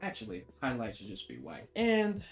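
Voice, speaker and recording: A man's voice: medium pitch, huge pitch swings, normal speed, vocal fry, soft background music. A man streaming casually while he draws, joking with his chat in slangy banter and laughing often.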